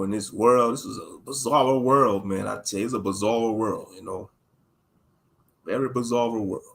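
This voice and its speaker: A man's voice: lowish voice, creaky. A man giving casual livestream commentary in a blunt, rambling way, repeating his phrases.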